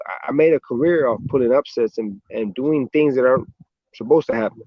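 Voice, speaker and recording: A man's voice: mid-range voice, moderate pace, no room sound, lo-fi sound. A man with an American accent, a professional boxer, chatting casually in an interview and telling stories in a laid-back way, often swearing and tagging lines with "man".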